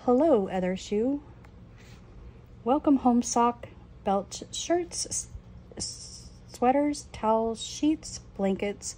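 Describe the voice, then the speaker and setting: A woman's voice: fairly high pitch, animated, slow pace, mellow. Woman reading as a messy cheerful young rat.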